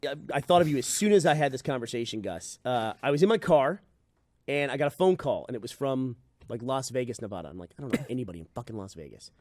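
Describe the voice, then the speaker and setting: A man on a podcast telling a story in casual chat, animated and acting out the voices of the people he quotes. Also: mid-range voice, fast talker, no room sound. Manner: animated, acts out quoted dialogue. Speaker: podcast host. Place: podcast studio.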